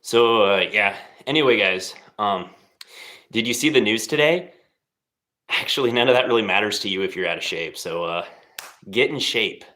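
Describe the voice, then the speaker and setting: A man's voice: mid-range voice, bright, forceful tone. A young man hosting a live stream, chatting casually between workout sets and teasing his viewers in a laid-back, motivational way. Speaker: livestream host.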